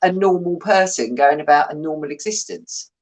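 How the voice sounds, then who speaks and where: A woman hosting a casual interview, chatty and quick to laugh, often cutting in. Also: deep voice. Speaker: host.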